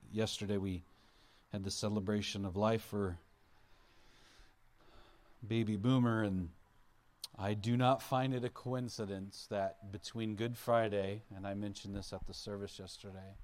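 A man's voice: lowish voice, fairly even intonation, a little slow, long pauses, darkish tone. A male pastor preaching an Easter sermon, earnest, his voice rising and falling for emphasis as he acts out quotes.

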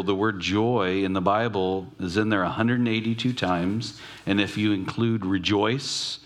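A man preaching a sermon, reflective, asking questions aloud and slowing down to stress key words. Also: on the low side, a bit bright. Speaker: pastor.

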